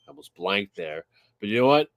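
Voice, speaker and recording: Low-voiced podcast guy who stumbles. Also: sing-song, brisk, fairly bright tone, dry recording. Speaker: podcast co-host. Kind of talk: casual sports chat.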